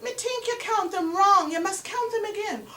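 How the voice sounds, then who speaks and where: A woman voicing Anansi, a cunning and greedy male spider trickster, in a high, loud, wheedling voice. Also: moderate pace. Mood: insistent. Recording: roomy echo from far off.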